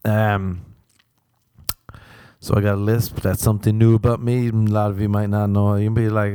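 Young guy doing his podcast solo, lowish mellow voice, dry close sound, swears a lot and rambles. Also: level tone, moderate pace, smooth, dry recording. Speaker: podcast host. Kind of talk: solo comedic podcast monologue.

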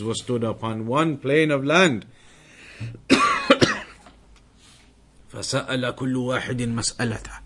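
A man teaching a religious class, explaining a text with repeated, emphatic examples. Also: medium pitch.

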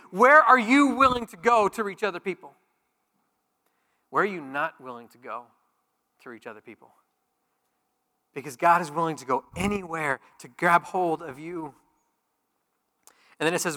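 A man preaching a sermon as pastor, speaking plainly and then rising to loud, emphatic peaks. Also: a little high, in a large hall.

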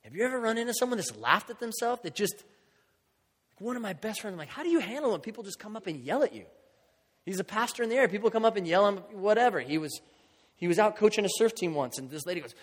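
A man's voice: sits high, lively intonation, fast talker, husky. A middle-aged man preaching a conversational sermon, acting out the voices of people in his stories. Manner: conversational, acts out quoted voices. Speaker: pastor. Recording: long hall reverb.

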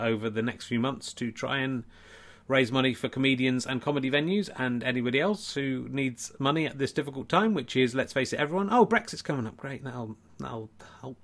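A man, a comedian hosting a charity livestream, rambling and mock-pleading in late-night comic chat. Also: medium pitch. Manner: rambling, mock-pleading, often hushed and quiet.

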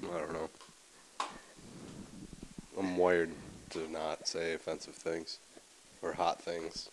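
Male guest, very low voice, hesitant and dry. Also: flat delivery, slow pace, noisy background. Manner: quiet, hesitant, dry remarks. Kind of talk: casual chat.

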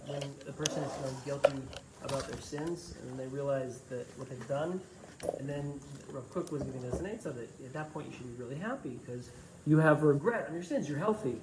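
A man in a class discussion, speaking haltingly as he searches for words. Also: mid-range voice. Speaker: student in the class. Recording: roomy echo and clear noise.

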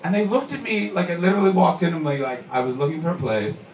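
A stand-up comedian from Canada tells a story on a club stage, now and then shouting out the lines of the people in it. His voice comes from some distance in a roomy live space. Plenty of noise sits behind him. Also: high voice, fast. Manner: storytelling, acts out characters with shouted bits.

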